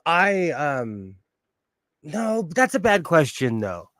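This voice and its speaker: A man's voice: a little high, slow pace, no echo. Laughing, chatty man on a dry mic. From Los Angeles. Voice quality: bald. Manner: chatty and laughing often, animated storytelling. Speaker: livestream host. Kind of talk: casual chat while sewing.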